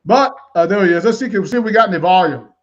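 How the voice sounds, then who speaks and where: Chatty high-voiced male talk-show host. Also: lively intonation, racing, dull audio. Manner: chatty, repeats words, laughs easily. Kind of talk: live online interview show.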